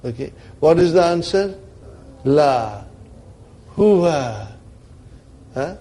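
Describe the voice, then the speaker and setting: A man's voice: on the high side, animated, slow, pauses often, dark tone. A man teaching a grammar class, explaining step by step with rhetorical questions and often checking that his students are following him. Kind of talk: classroom lecture.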